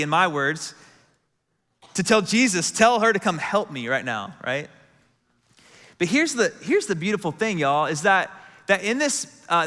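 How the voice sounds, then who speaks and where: Young male preacher, bright and high, chatty with fillers, in a large church auditorium. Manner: chatty, lots of "like" fillers, calls out to the room. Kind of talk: casual sermon. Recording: long reverb from a big hall.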